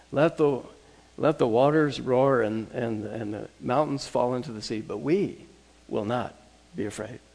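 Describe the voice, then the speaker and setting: A man preaching a sermon in a conversational way, often repeating words and dropping to a soft voice for emphasis. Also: mid-range voice, creaky. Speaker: pastor.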